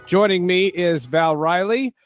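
A man's voice: high-pitched, soft background music. A man hosting a podcast, chatting casually and joking with his co-host. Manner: joking, quick banter.

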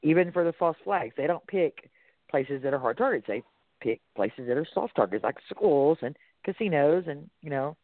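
A man's voice: a little high, animated, moderate pace, no echo. Texas guy hosting talk radio, reads stuff out then chats about it, sounds like a phone line. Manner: reads articles aloud and comments. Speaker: radio host. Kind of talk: casual talk radio discussion. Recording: tinny phone-like line, dry.

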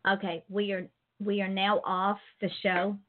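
A woman's voice: medium pitch, level tone, unhurried. A woman with a Southern US accent hosting a casual talk show, chatty and emphatic, repeating words for emphasis. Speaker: host. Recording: phone-line call-in show audio.

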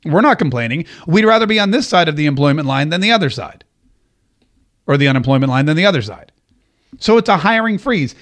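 A man with a fairly high voice hosts an offhand political talk show. He rambles and jokes, often restarting his sentences as he goes. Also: lively intonation, fast, fairly bright tone. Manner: rambling, joking, frequent restarts. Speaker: podcast host. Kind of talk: casual political commentary.

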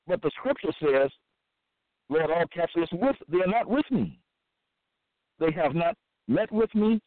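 A man reads verses aloud and comments on them in a slow, halting way, full of restarts and repeated phrases. His voice sits somewhat high. The sound is thin and phone-like, with no room echo. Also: animated. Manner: halting and repetitive, with many fillers and restarts. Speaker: self-styled preacher. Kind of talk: scripture-reading monologue. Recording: dry, tinny phone-like sound.

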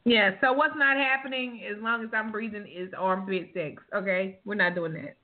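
A woman's voice: mid-range voice, fairly even intonation, normal speed. A woman co-hosting a casual talk show, emphatic and indignant in protest. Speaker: co-host. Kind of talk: casual chat. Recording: tinny phone-like sound.

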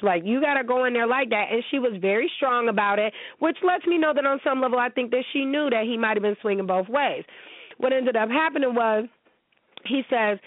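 A woman's voice: a little high, brisk, no echo, phone-quality sound. A woman hosting her own talk show, ranting bluntly and profanely in casual commentary. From United States. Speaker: host.

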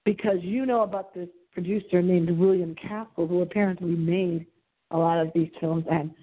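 A woman hosting a late-night radio show, chatting about movies in an animated, dramatic way. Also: on the low side, normal speed, slightly rough. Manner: animated, dramatic, gasping and singing for effect. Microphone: phone held to the computer. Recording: tinny phone-like line.

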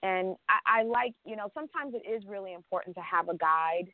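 A woman's voice: medium pitch, brisk, very noisy. Chatty woman on a tinny phone line. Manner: rambling, with many restarts and fillers; animated, laughs often. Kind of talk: casual conversational storytelling. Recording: dry phone-line sound.

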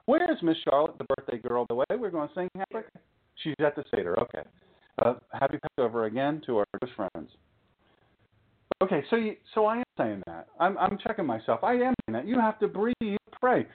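A man preaching in a loose, chatty way, tossing out rhetorical questions and little jokes. His voice sits fairly high and swings up and down a lot. The sound is thin and tinny, like a phone line. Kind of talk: informal sermon talk.

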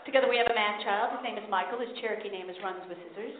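High-voiced female stand-up, self-mocking punchlines, echoey room with noise behind. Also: rapid-fire. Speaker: stand-up comedian. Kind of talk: stand-up comedy set. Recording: echoey tinny live recording with noise.

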